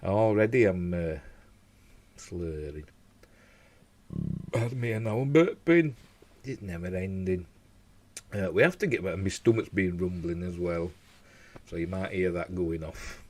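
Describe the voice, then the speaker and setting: Husky rambling man. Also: sits low, moderate pace, darkish tone. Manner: rambling, chatty, trips over words. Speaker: host of a news show. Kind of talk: casual chat, reading out news.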